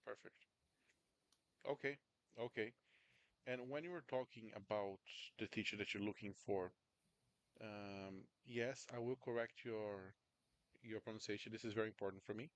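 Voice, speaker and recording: A US-based communication coach speaks at a normal speed with a lowish voice, pausing often. In his video-call coaching he stays chatty and keeps checking on his student with "right?" and "understand?". The recording is dry.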